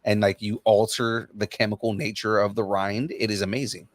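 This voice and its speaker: A man hosting a podcast, chatting casually and telling stories in a rambling, animated way with many restarts. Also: fairly low pitch, moderate pace, no room sound. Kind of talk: casual chat.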